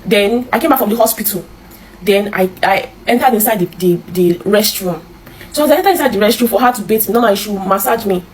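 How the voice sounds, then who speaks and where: A Nigerian woman telling her own life story in an interview, halting and repeating herself, with many restarts. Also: mid-range voice, a little hiss or hum, poor audio. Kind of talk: emotional personal storytelling.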